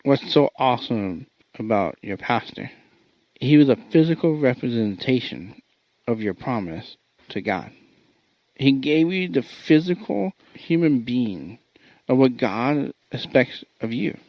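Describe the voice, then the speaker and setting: A man's voice: medium pitch, very animated, a little slow, darkish tone, dry recording, low-quality recording. A man hosting a faith-based podcast interview, reflecting on a guest's story in an encouraging way. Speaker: podcast host.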